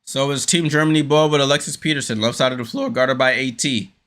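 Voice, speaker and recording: Bright-voiced man calling play-by-play. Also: mid-range voice, fast. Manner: hesitant with fillers, rising excitement on big plays. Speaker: host. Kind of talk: casual fan play-by-play commentary.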